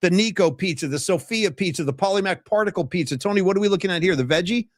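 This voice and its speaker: A man hosting a podcast, chatting casually with animated, self-deprecating banter. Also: high voice, quick pace, no echo, clean studio sound. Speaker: podcast host. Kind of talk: casual chat.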